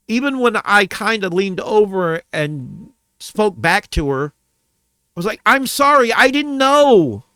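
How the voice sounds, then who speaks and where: A man's voice: a little high, fairly bright tone, dry recording. A man venting to his camera about a bad restaurant visit, heated and profane, repeating himself as he goes. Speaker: vlogger. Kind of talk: angry rant to camera.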